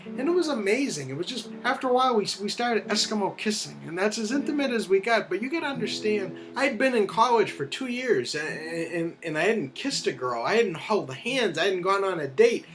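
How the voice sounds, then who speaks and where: A middle-aged man telling a comic personal story in an animated, self-deprecating way, with guitar music behind him. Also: sits high, a little fast, slight background noise. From United States. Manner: animated, self-deprecating, acts out the voices of others.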